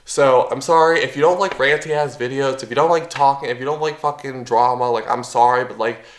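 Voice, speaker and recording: A man's voice: medium pitch, fairly quick, a little hiss or hum. Heated, profane man ranting in a roomy echo. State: worked up. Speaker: YouTuber. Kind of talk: ranting commentary vlog.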